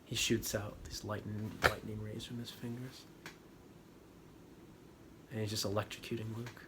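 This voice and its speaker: Spiritual teacher guy retelling a movie scene, gets loud then hushed, gravelly low voice, noisy background. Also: moderate pace. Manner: animated, dramatic retelling that swings from loud to hushed. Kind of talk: storytelling talk on spirituality. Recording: steady background noise.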